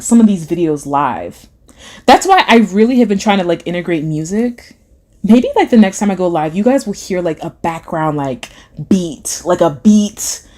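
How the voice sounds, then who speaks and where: A young adult woman chatting casually on a live stream, reading out comments from her chat and laughing often. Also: darkish tone. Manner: chatty, giggly, acts out voices with big pitch swings.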